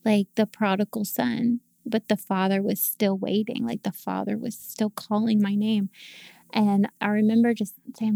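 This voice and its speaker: Earnest woman with a gravelly edge. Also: medium pitch, flat delivery, normal speed, mellow, no echo. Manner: earnest, emotional storytelling. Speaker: podcast guest. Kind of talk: faith testimony in casual chat.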